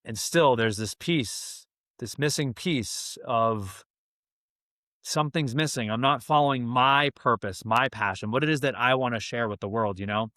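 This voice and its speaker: A man's voice: mid-range voice, normal speed, pushed and bright, dry recording, studio quality. A young man from Massachusetts, a podcast guest, telling a candid story in casual chat and acting out the quoted lines.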